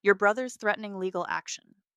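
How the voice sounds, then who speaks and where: Woman doing a stern lady ceo, cool and bright, dry close sound. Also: medium pitch, a little fast, clean tone, dry recording, natural voice. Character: stern female hospital chief executive.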